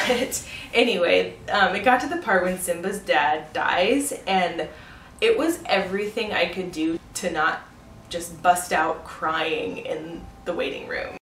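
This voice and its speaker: A young pregnancy vlogger chats casually to the camera in an unhurried, slightly low and somewhat bright voice, laughing often and sprinkling in fillers like "like" and "um." She's recorded from a distance, so there's an echoey room sound and faint background noise.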